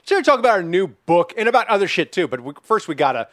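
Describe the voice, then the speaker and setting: A man co-hosting a comedic podcast with loud, hyped delivery and shouted bursts. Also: sits high, sing-song, very fast, no echo, studio quality. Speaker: podcast co-host. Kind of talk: rowdy comedic chat.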